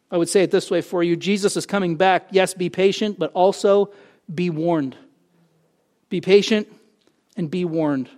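A male pastor preaching a sermon, animated, building to loud emphatic phrases and dropping into joking asides. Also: sits high.

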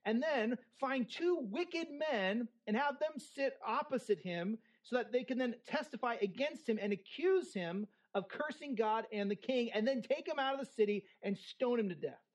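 Conversational preacher with quick asides. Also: medium pitch, expressive. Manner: conversational, with frequent "right?" asides; humorous modern asides. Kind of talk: expository sermon with scripture reading.

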